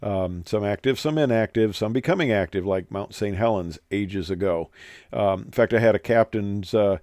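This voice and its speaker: A man's voice: on the low side, normal speed, darkish tone, no room sound, clean studio sound. A man, an airline pilot, telling an aviation story in a casual, rambling way with many hesitations.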